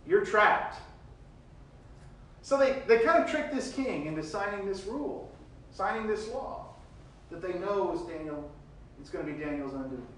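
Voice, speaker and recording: A man preaching a sermon, reading scripture verses aloud and retelling them with big swings between loud and quiet. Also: high-pitched, expressive, normal speed, heavy reverb, recorded from a distance, slight background noise, rough recording.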